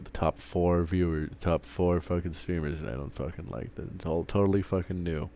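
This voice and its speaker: A man's voice: sits low, fairly even intonation, moderate pace, hardly any pauses, warm tone. A man streaming live, ranting casually with lots of swearing and stumbling restarts. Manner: profane, rambling, restarts often. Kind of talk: casual rant while streaming.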